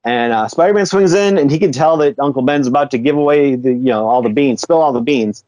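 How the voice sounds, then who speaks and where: A man's voice: mid-range voice, quick pace, dark tone, no echo. A man co-hosting a podcast, retelling a comic book story in loose, casual chat, chuckling often and swearing now and then. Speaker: podcast co-host.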